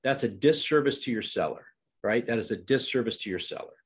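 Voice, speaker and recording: A man's voice: mid-range voice, lively intonation, brisk, slightly rough. A middle-aged man coaching real estate agents on a podcast, emphatic and asking his listeners questions.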